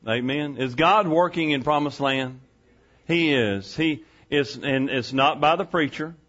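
A man's voice: on the high side, measured pace, a bit bright, dull audio. A male pastor preaching a sermon in a church, folksy and conversational, asking the congregation rhetorical questions. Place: church sanctuary.

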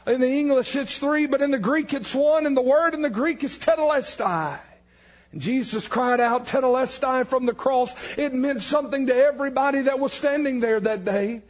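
A man preaching an evangelical sermon, fervent, building up to shouted emphasis on key lines. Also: very high-pitched, normal speed, dull audio.

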